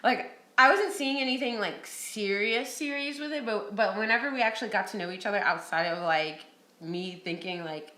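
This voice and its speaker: Bright, blunt woman in an echoey room. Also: medium pitch, normal speed. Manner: blunt, profane, animated storytelling. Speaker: podcast co-host. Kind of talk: casual storytelling chat.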